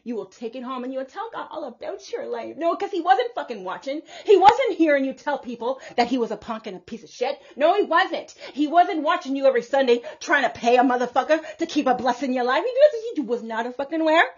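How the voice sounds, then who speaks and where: A woman's voice: high-pitched, sing-song, fairly quick, hardly any pauses, lo-fi sound. A woman delivering an impassioned, profane preaching monologue as a self-styled prophetess, emphatic and repetitive.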